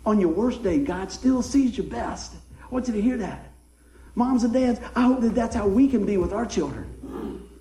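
A middle-aged man preaching a folksy sermon, swinging from soft asides to excited shouts. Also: sits high, moderate pace, reverberant, a little hiss or hum, poor audio. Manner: folksy, animated, rises to excited shouts then drops soft. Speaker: pastor. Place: church sanctuary.

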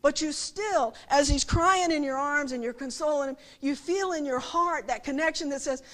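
A woman's voice: high voice, moderate pace, hardly any pauses, fairly bright tone. A middle-aged woman giving a conversational sermon, often checking that listeners follow her with rhetorical questions. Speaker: preacher.

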